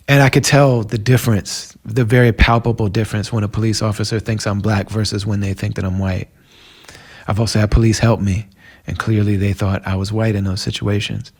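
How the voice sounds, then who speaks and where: A man's voice: lowish voice, a little mellow. A middle-aged man tells personal stories on his podcast. He talks in an earnest, emotional way, with plenty of casual fillers and restarts. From Minnesota. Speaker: podcast host. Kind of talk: personal storytelling monologue.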